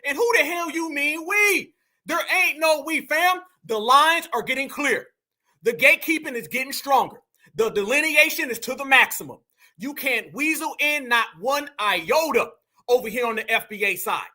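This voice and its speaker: Male host, sharp and piercing, preachy and scornful, talks to viewers as family. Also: extremely high pitch, expressive, moderate pace. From Georgia, US. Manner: combative, mocking, preachy, addresses viewers as family. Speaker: commentary channel host. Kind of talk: reaction commentary.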